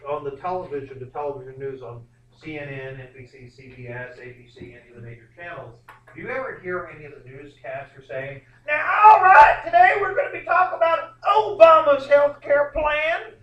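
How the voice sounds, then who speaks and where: Guy teacher lecturing history class, rambly and animated, lots of ums, slightly high voice, recorded from way back in an echoey classroom. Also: brisk, distant mic. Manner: rambling, animated, full of fillers and restarts.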